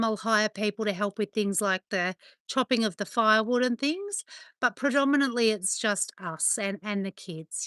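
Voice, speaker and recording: A woman's voice: on the high side, fairly bright tone, dry recording. A middle-aged woman with an Australian accent, chatting casually with viewers and cooing affectionately at her dogs. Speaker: livestream host. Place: home with dogs, indoors.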